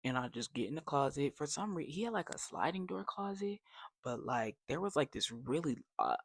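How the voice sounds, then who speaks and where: A young adult man telling a casual storytime, animated and slangy, dropping to whispers for effect. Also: fairly high pitch, moderate pace, vocal fry, slight background noise. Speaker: vlogger.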